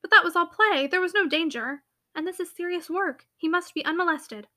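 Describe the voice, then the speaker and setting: A woman's voice: very high voice, pushed and bright, voice pushed up. A woman voicing a spirited, commanding young heiress who speaks firmly and a little sternly in a classic novel reading. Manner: firm, brisk, slightly stern.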